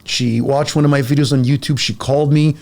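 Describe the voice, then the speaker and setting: Gravelly and brisk, this medium-pitched man in his forties is a fitness coach in a relaxed podcast conversation. He pushes his listeners hard with blunt, emphatic, energetic advice.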